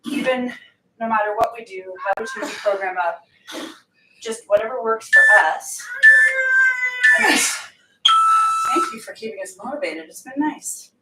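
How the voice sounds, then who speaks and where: A woman's voice: fairly high pitch, expressive, normal speed, long pauses, over loud music. A woman fitness coach chatting earnestly during a workout. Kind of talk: casual chat during a workout. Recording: echoey room, distant mic, clear noise.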